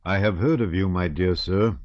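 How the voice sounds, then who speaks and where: A man voicing a severe old male Freemason who speaks in a deliberate, measured way. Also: sits low, darkish tone, no room sound, dull audio, close to an everyday voice. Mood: grave, solemn.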